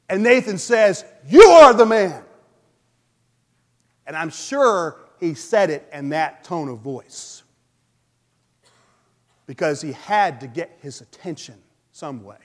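A male pastor preaching a sermon in a relaxed, conversational way, with frequent fillers. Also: on the high side. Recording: long hall reverb.

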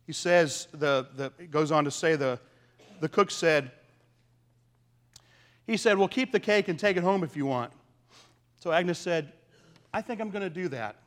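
A man delivering a sermon in a notably high voice. He speaks earnestly to his congregation, swinging between loud emphasis and hushed lines as he tells a story. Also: animated, unhurried, pauses often. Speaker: pastor.

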